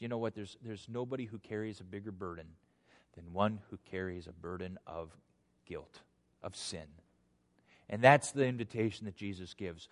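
A man preaching a sermon, dropping to a hush and then rising loud and high for emphasis, acting out scripture voices. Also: moderate pace, long pauses. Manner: dramatic swings from hushed to loud, voicing scripture quotes. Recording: long hall reverb.

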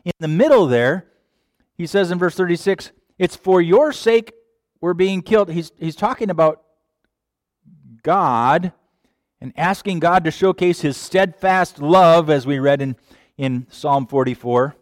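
A man preaching a sermon, animated, sometimes acting out quoted voices. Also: a little high, unhurried, no echo, clean studio sound. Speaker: pastor.

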